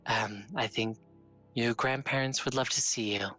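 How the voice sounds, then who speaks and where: A man voicing a gentle, tearful mother who pleads softly with her departing child. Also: medium pitch, steady tone, moderate pace, faint music behind. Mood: fond.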